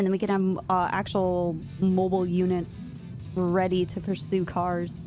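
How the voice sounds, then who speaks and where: A woman's voice: lowish voice, completely flat delivery, a little slow, music in the background. A woman streamer chatting in character as a police officer, talking in a chatty way with hesitant restarts while she plans. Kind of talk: in-character roleplay chat.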